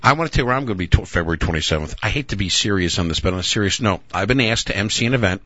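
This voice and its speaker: A man cuts in with sarcastic jabs while co-hosting a podcast. His voice is bright and lively and swings widely in pitch. The recording is dry and a little dull. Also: dry recording. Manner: teasing, quick interjections, sarcastic. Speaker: podcast co-host. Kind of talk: casual banter.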